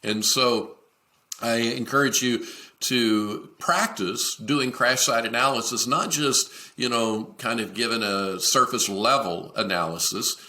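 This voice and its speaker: A man's voice: mid-range voice, unhurried, sharp tone. A man hosting a leadership podcast, talking straight to the listener in an earnest, encouraging way, with plenty of ums and restarts. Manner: many fillers and restarts. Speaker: podcast host.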